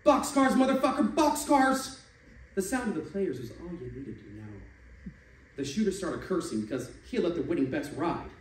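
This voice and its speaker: Guy reading stories to a live crowd, lively delivery, roomy echo, mic kinda far. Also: mid-range voice, normal speed. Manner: expressive, changes voice for quoted figures. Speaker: actor reading stories aloud. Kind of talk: dramatic reading at a live event. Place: stage venue. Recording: echoey room from a distance, faint noise.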